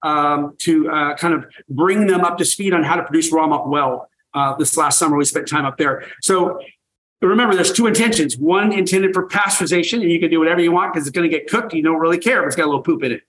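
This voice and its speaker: An older raw milk farmer, appearing as a guest, tells stories in energetic interview talk, repeating points for emphasis. His voice is fairly high and fairly bright, and he speaks fast. The audio is rough.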